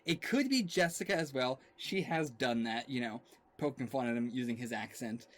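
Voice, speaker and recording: A man's voice: mid-range voice, animated, normal speed. A man hosting a casual reaction chat, rambling and thinking aloud as he talks. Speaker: reaction show host.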